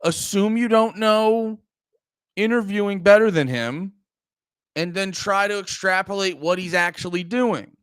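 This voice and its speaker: A man's voice: sits high, unhurried, smooth, dry recording, clean studio sound. Profane, rambling male live streamer. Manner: animated, profane, many restarts, mocking put-on quotes. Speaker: streamer and podcast host. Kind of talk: casual live-stream rant.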